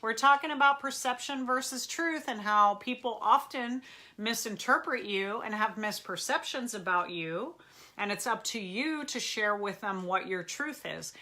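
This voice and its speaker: A woman therapist talks to her live audience in an intense public-speaking voice. Her tone is firm and emphatic. The timbre is bright and forceful. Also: on the high side, expressive, unhurried. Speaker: therapist and show host. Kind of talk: live question-and-answer talk.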